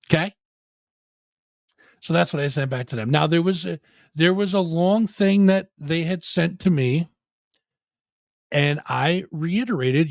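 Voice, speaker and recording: A man's voice: fairly high pitch, lively intonation, normal speed, long pauses, no room sound, clean studio sound. A man hosting a live rock show stream, joking and profane, playing up a mock apology. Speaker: podcast host.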